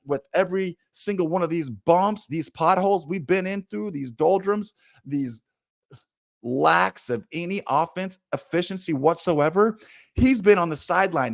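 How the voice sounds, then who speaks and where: A man delivering fired-up football commentary to camera in a fairly high-pitched voice. His takes are blunt and emphatic, and the dry, close sound carries no room at all. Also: gravelly, dry recording. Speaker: sports commentator. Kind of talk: opinionated sports commentary to camera.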